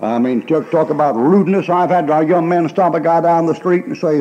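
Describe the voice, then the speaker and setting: Folksy preacher man, fairly high voice. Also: brisk, mellow, muffled recording. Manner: folksy and emphatic, acts out quoted people with laughs. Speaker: pastor. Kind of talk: sermon.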